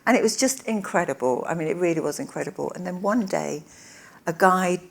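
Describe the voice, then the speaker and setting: A woman's voice: on the low side, creaky. A woman, an interview guest, chatting on a conference stage and often laughing as she talks. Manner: giggly, quick to break into laughter. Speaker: interview guest, evangelist's wife. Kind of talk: casual stage conversation. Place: conference stage before an audience.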